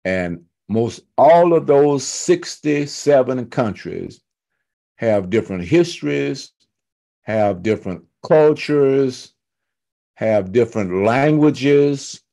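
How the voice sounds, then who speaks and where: A man teaching a church Bible study, retelling scripture in loose everyday speech with humorous asides and emphatic, slowed-down stresses. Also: medium pitch, gravelly, warm tone. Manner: fired up and emphatic, slowing to stress key words.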